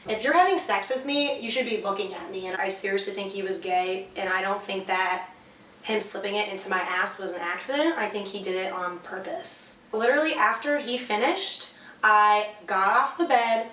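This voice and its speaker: A woman's voice: mid-range voice, moderate pace, fairly bright tone, slight background noise. A young woman casually telling a candid, profane story as a vlog co-host. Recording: echoey room, mic far off.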